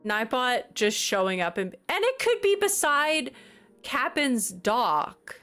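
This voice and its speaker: A woman's voice: a little high, sing-song, slow, a bit bright, soft background music. A woman streamer chatting casually on a livestream, flustered, exasperated and apologetic.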